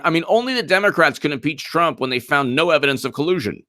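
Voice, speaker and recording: Male political commentator hosting a live stream, sarcastic, fairly high voice with lively swings in pitch, frequent restarts. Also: fast talker, few pauses, no room sound, studio quality.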